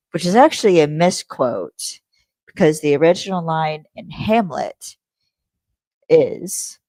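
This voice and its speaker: A young adult woman with a deep, dark-toned voice and lively intonation recaps an episode on her podcast at an unhurried pace, in a dry recording. She rambles casually, swears freely and corrects herself as she goes.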